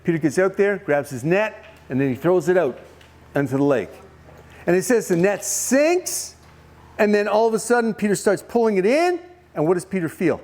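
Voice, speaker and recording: Lively camp preacher, higher voice, quizzes the crowd while he tells the story. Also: moderate pace. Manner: animated storytelling, questions to the audience. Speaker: camp speaker. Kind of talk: youth camp sermon.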